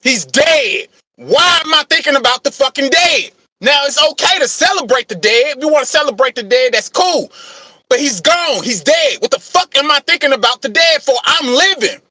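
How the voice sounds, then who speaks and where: High, bright, profane man ranting passionately. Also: lively intonation, moderate pace, no room sound, studio quality. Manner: profane, emphatic, repeats "man" and "you know what I'm saying"; calls himself passionate, gets things off his chest. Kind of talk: impassioned motivational rant.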